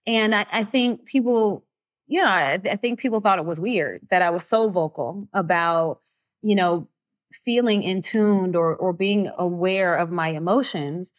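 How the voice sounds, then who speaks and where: Expressive woman, slightly dull audio. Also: on the low side, measured pace. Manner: expressive and heartfelt, voice rising when excited. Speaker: actress guest. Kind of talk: candid podcast interview.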